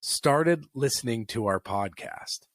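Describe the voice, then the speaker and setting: A man co-hosts a relaxed podcast, talking in a loose, playful, joking way. His voice sits in a middle register. It is recorded dry and close, with no room sound. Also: medium pitch, takes it slowly, dry recording. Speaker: podcast co-host. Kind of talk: casual chat.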